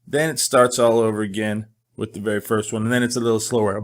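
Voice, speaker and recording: A middle-aged man hosting a casual monologue, telling his own story in a candid, joking, animated way. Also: fairly low pitch, fast talker, few pauses. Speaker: host.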